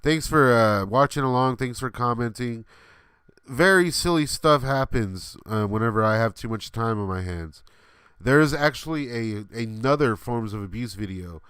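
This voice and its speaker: A man's voice: medium pitch, normal speed, a bit bright, smooth, no echo, clean studio sound. A man in his thirties hosting a livestream, telling a rambling, laughing story with many fillers and some swearing. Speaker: livestream host.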